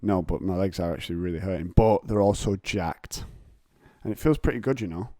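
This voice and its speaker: A man's voice: low voice, fairly quick, dark tone, dry recording, clean studio sound. An English man hosting a casual solo podcast from home, rambling and digressive with self-mocking humour. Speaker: podcast host. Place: home, on a couch.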